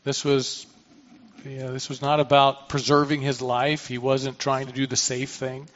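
A pastor speaks in a monotone, mid-range, slightly bright voice at a moderate pace, and the audio is dull. His sermon moves from reading scripture aloud to a conversational explanation with asides and restarts.

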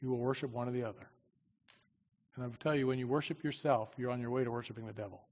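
A man preaching a sermon with emphasis, swinging from loud declarations to quiet asides. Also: medium pitch, steady tone, fast. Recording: dull, long-reverb hall sound.

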